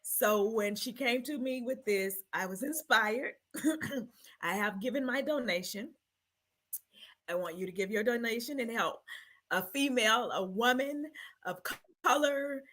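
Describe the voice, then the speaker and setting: Higher woman's voice, bright and sharp, interview host cheering on her guest. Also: unhurried. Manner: encouraging, frequent "okay" prompts.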